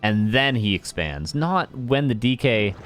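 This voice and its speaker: A man's voice: medium pitch, lively intonation, measured pace, a bit bright. A man casting a live strategy game match, chatty and playful with joking asides. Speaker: esports caster. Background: faint game music.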